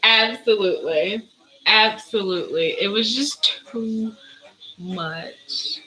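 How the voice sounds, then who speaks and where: A woman's voice: mid-range voice, takes it slowly, sharp tone, slight background noise, poor audio. A woman, chatting casually on a livestream as a spiritual reader, answering viewers' questions in a playful, easily sidetracked way. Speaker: spiritual reader hosting a live Q&A.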